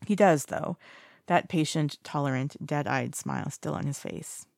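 Gravelly, measured fiction reader. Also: medium pitch, darkish tone, no echo, studio quality. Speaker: narrator. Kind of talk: audiobook narration of fiction.

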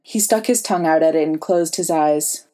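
A woman narrating a story in a steady, even reading voice. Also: low-pitched, moderate pace. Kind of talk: audiobook reading.

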